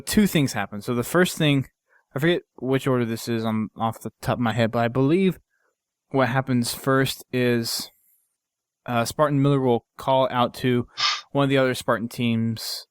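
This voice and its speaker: A man's voice: mid-range voice, clear, resonant tone, no echo. A man hosting a podcast, casually recapping a game mission in a rambling way with lots of fillers and restarts. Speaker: podcast host.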